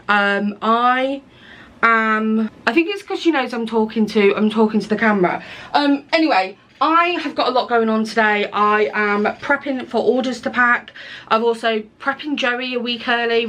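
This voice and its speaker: A woman's voice: fairly high pitch, fairly bright tone. A young woman chatting casually to camera in a small indoor studio, rambling and interrupting herself as she talks. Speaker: small business owner and illustrator vlogging.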